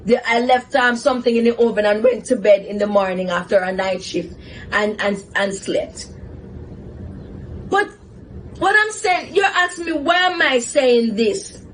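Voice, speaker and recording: A woman hosting a talk show, telling a personal story in a casual, animated way and giving life advice. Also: high voice, slight background noise, low-quality recording. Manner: animated, laughs often while telling a story. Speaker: host, psychotherapist.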